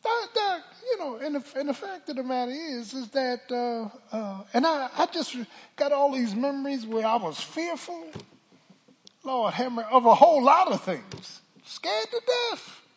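Older male pastor, raspy and high, preaching with call-and-response in a reverberant sanctuary. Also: animated, normal speed. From Philadelphia. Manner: call-and-response preaching, swings from hushed to shouting. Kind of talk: sermon. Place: church sanctuary. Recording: church hall reverb.

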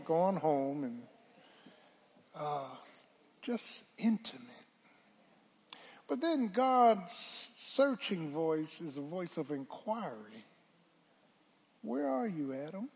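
A man pastor a sermon, swinging from hushed talk to loud calls and asking the congregation to answer back. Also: fairly high pitch, a little hiss or hum. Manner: preaching with call-and-response, swelling from hushed to loud.

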